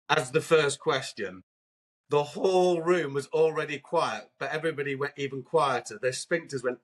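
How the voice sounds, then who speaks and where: A man in a podcast conversation telling a long anecdote, animated and acting out the lines of the people in it. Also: fairly high pitch, normal speed. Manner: animated, acts out quotes. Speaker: podcast co-host and guest. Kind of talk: anecdotal storytelling.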